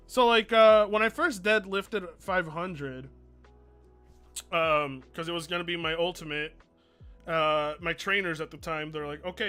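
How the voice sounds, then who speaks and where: A man's voice: sits high, bright, forceful tone, smooth. A man streaming live, chatting loosely, swearing freely and reading out donations. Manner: rambling, swears freely, reads donations aloud. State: mellowed out. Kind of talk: casual livestream chat.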